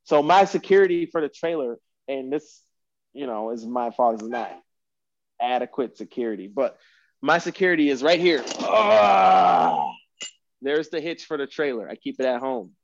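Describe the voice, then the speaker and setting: A man's voice: medium pitch, animated, normal speed, no room sound. Man, podcast guest, rambling storyteller, repeats himself, dry muffled audio. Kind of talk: casual storytelling.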